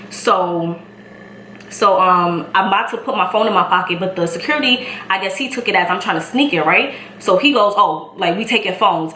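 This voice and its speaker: A woman's voice: medium pitch, fairly bright tone. A young woman with a Brooklyn New York accent tells a story time as she does her makeup, acting out every voice and laughing through it. She sits close to the camera in a small, echoey room at home. A faint ambient hum runs under her voice. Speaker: beauty vlogger.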